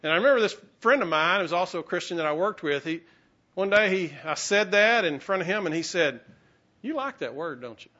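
A man preaching a sermon as pastor in a conversational, halting way, with many restarts and fillers. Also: high voice, bright, forceful tone, lo-fi sound.

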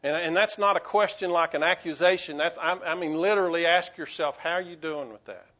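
A man preaching a sermon as a pastor, earnest, with frequent stammered restarts, rising to urgency and dropping to quiet, halting lows. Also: lo-fi sound.

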